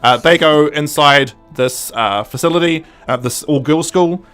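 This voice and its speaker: A man's voice: a little high, measured pace, fairly bright tone, clear, resonant tone, faint music behind. Chatty man recapping with many fillers. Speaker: podcast host. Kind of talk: casual review chat.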